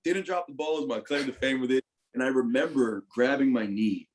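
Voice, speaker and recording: A young man who used to play football tells his story in a candid interview, speaking at a medium pitch and a brisk clip. He's animated and swears freely, his voice jumping between loud bursts and quiet asides.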